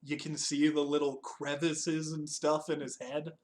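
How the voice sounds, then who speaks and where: A man's voice: on the high side, flat delivery, unhurried. A young man hosting a casual chat, joking, swearing freely and laughing often as he reviews a TV special. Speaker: podcast host.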